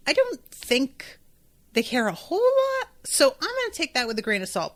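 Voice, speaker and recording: Recapping an anime episode on her podcast, a female host keeps things chatty and foul-mouthed, laughing and tossing in asides. She sounds a little high and a bit bright.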